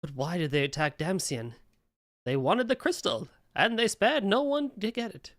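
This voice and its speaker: A streamer reading a grieving young bard prince. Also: male voice, high voice, lively intonation, moderate pace, no room sound, studio quality, pitched above the performer's own voice. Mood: mournful. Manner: reads game text aloud, shouting names. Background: faint guitar game music.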